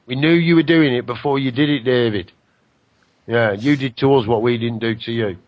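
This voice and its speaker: A man hosting a casual radio talk show, joking and rambling with an animated, mocking manner. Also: mid-range voice, moderate pace, no echo, dull audio. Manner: animated, jokey, rambling with laughs.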